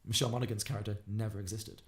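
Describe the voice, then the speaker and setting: A man on a podcast, retelling a film plot quickly and acting out the characters' lines. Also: fairly low pitch, steady tone. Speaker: podcast co-host. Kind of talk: casual film podcast recap.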